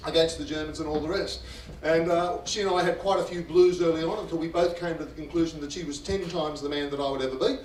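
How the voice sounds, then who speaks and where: A man with an Australian accent giving an after-dinner speech as guest speaker at a fundraiser. He tells stories in an animated, theatrical way. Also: fairly high pitch, a little hiss or hum. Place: function room at a fundraiser. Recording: roomy hall, distant mic, faint ambience.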